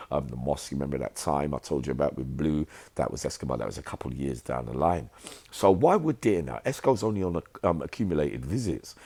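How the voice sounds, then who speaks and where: Gravelly deep-voiced man. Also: darkish tone. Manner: streetwise, rambling, asks "right?". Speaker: vlogger recounting prison life. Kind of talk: storytelling monologue.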